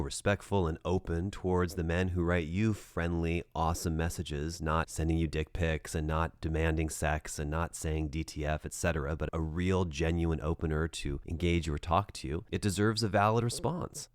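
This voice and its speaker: Deep-voiced man giving direct dating advice. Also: darkish tone, no room sound. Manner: direct, conversational, checks in with the listener. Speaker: dating coach. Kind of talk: advice monologue.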